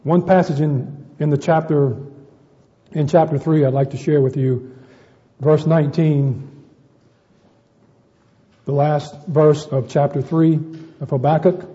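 Man preaching a sermon, high voice, mellow tone, long hall reverb, dull lo-fi sound. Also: steady tone, slow pace, pauses often. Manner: addresses the congregation as brethren, repeats words while searching.

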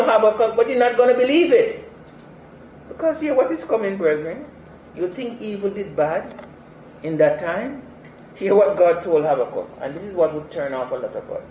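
A man's voice: sits high, expressive, moderate pace, a little hiss or hum. A man preaching a sermon in an earnest manner, repeating key phrases for emphasis. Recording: echoey, slightly dull sanctuary recording.

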